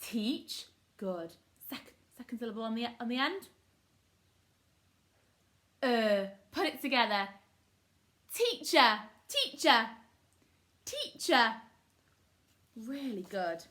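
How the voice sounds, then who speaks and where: A woman's voice: a little high, lively intonation, takes it slowly, long pauses, fairly bright tone. A woman teaching a phonics lesson to young children, upbeat and encouraging, sounding words out syllable by syllable. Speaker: primary school teacher.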